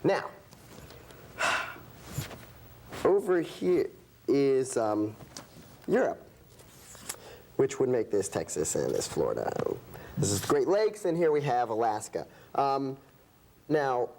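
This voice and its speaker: A man's voice: medium pitch, big pitch swings, takes it slowly, pauses often, darkish tone, slight background noise. A man playing a bumbling male foreign terrain expert in a student comedy sketch, rambling with many ums and hesitations. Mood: flustered. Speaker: sketch actor.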